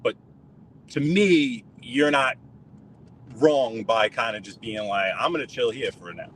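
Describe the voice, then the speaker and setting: A man's voice: medium pitch, measured pace, slight background noise. Ranting New guy driving. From New York. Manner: animated, ranting, sarcastic. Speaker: live-streaming driver. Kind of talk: live-stream rant while driving. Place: inside a car.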